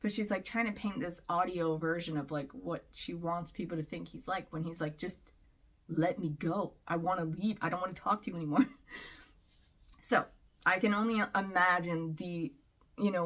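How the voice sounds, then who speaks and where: A woman's voice: on the low side, fairly bright tone. Chatty rambling woman vlogger. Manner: rambling, chatty, laughs between points. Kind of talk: casual commentary.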